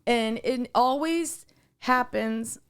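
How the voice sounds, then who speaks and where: A young adult woman co-hosting a podcast speaks slowly in a smooth, slightly high voice. In casual chat she tells a story as an animated storyteller, acting out the dialogue she quotes.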